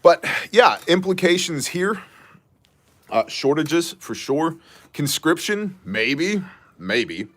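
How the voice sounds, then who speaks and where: A man hosting a casual news commentary show, sarcastic and joking with quick asides. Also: on the high side, big pitch swings, a bit bright. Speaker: host of a news brief show.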